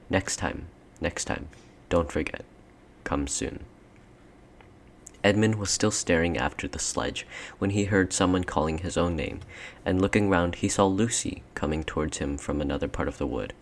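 A man narrating an audiobook in a measured storytelling manner. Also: sits low, a little hiss or hum.

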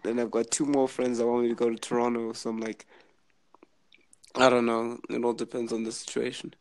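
Gravelly young Zimbabwean man chatting. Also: mid-range voice, a little fast, no echo. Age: young adult. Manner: chatty, animated storyteller. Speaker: university student. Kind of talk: casual video chat.

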